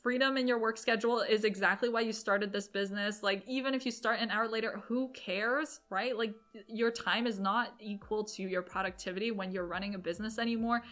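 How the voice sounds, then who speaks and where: A woman's voice: mid-range voice, steady tone, a bit bright. A woman in her twenties giving chatty, upbeat business advice straight to camera. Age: 20s. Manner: chatty, upbeat, quick asides. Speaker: entrepreneur vlogger. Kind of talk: casual talk-to-camera advice.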